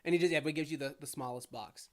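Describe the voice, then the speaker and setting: A woman's voice: sits low, rapid-fire. Rambling woman game master. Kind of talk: narrating a tabletop game.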